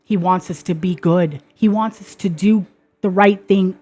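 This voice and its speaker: A woman's voice: lowish voice, measured pace, dark tone. A woman hosting her own show, telling a personal story in an earnest way that turns emphatic and heated. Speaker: podcast host. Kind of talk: personal testimony monologue.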